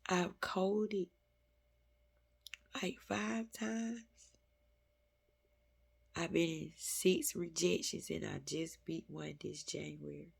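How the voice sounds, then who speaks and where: Woman, low, earnest spiritual vlogger, intimate and emotional, unhurried delivery. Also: fairly even intonation, vocal fry, slightly rough. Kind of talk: heartfelt spiritual talk to viewers.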